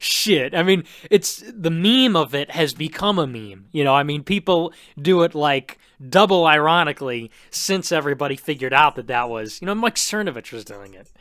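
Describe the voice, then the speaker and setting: A man's voice: a little high, animated, moderate pace, few pauses, fairly bright tone, no echo, clean studio sound. A man co-hosting a podcast, talking in a rambling, scornful, profane way. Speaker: podcast co-host. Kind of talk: casual political podcast chat.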